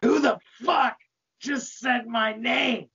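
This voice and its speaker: Gravelly campy man reading a comedy script. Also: extremely high pitch, takes it slowly, sharp tone, slight background noise. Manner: campy overacted Satan voice. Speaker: podcast co-host. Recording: dull lo-fi podcast audio.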